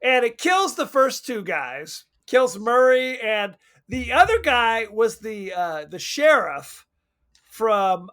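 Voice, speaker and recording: High-voiced man recapping a movie. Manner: loose and profane, animated retelling with laughs. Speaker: podcast co-host. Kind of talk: casual movie recap chat.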